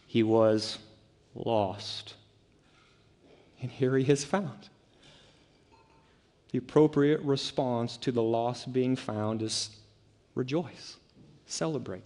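A man's voice: medium pitch, takes it slowly, long pauses, darkish tone. A male pastor preaching a sermon, emphatic and full of rhetorical questions. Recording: echoey hall.

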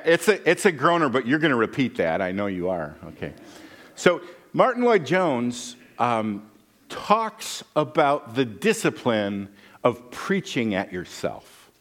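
Male pastor, sermon delivery, lively pitch, unhurried, dry jokes between readings. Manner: wry, joking asides between scripture readings.

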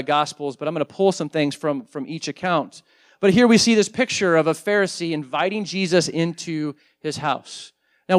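Male pastor, fairly high voice, casual storytelling sermon with loud and hushed swings. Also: smooth. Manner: casual, says "like" often.

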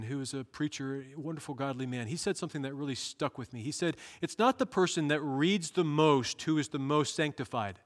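Earnest male pastor preaching in a hall. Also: mid-range voice. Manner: earnest, rising to emphatic bursts. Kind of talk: sermon.

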